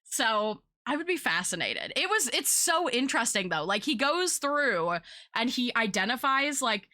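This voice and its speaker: A woman's voice: fairly high pitch, sing-song, normal speed, sharp tone. A young woman with a Southern US accent touched by British vowels, chatting casually as a streamer, rambling with many fillers. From United States. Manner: chatty, rambling, full of filler words and laughs. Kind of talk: casual chat while drawing.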